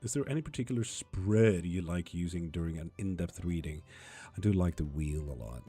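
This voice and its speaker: A man's voice: low voice, animated, a little fast, dark tone, slightly rough, faint music behind. A man reading viewer comments aloud and answering them in a casual livestream, swearing now and then. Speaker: tarot reader streaming live.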